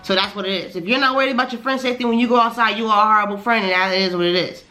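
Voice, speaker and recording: A woman with a bright, forceful voice tells a storytime to camera, slangy and full of swearing. She sounds annoyed and keeps asking "you know what I'm saying?" Faint music plays underneath. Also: mid-range voice, racing. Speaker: vlogger telling a story. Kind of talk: casual storytime monologue.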